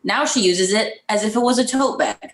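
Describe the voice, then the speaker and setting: A woman's voice: mid-range voice, moderate pace. A woman guest on a podcast who chats candidly and bluntly, laughing often. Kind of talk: casual conversation. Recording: echoey room sound.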